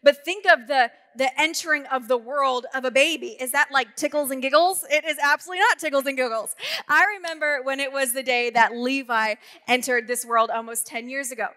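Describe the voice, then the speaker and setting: A woman in her thirties preaches a lively sermon, jumping into stories with quick humorous asides. Her voice sits high and bright, and it rings out with the long reverb of a church hall. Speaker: pastor. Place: church auditorium.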